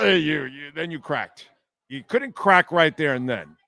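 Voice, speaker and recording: Salty sports radio guy rambling, mid-pitch voice, dry close mic. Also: moderate pace, bright, forceful tone, smooth, dry recording. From Miami. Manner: profane, rambling storytelling, reading chat comments. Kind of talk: casual live-stream chat.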